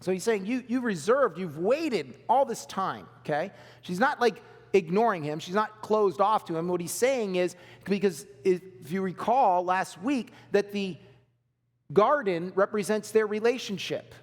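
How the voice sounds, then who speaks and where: High-voiced male pastor in a hall. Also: normal speed. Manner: conversational, reads scripture aloud, asks the audience "okay?". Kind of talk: sermon. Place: church hall. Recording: long hall reverb.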